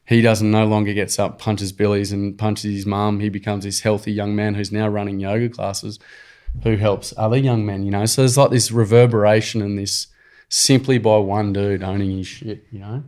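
A man with an Australian accent, a program founder and podcast guest, telling stories bluntly and with plenty of slang in a casual chat. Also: fairly low pitch. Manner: animated, blunt storyteller using slang.

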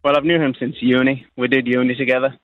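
A man calling a radio show, speaking deadpan. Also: mid-range voice, fast talker, dry recording. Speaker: caller. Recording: tinny dry phone line.

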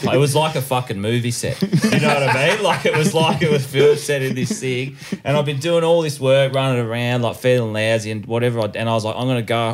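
A man, a guest comedian telling a rambling, sweary story on a casual podcast. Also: mid-range voice. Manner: rambling, full of restarts and swearing.

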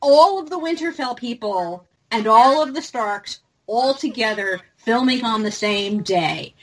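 A woman's voice: fairly high pitch, lively intonation, a little slow, rough recording. A woman hosting a casual fan podcast, talking animatedly with many fillers and restarts. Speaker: podcast host.

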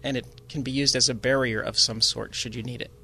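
A man's voice: mid-range voice, fairly even intonation, quick pace, creaky, pushed and bright. A man co-hosting a garden radio show, offering plant and pest advice in a friendly, knowledgeable way. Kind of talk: call-in radio chat.

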